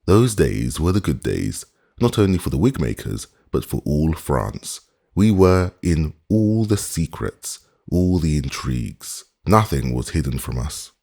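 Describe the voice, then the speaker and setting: A man reading aloud plays a proud wig maker in a storybook, who fawns on his client and gossips with theatrical sighs. The voice is very deep and husky, and it rises and falls in a lively way. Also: a little slow, full character voice. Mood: fawning. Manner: fawning, theatrical, chatty. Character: fussy old-regime male wig maker, proud and gossipy.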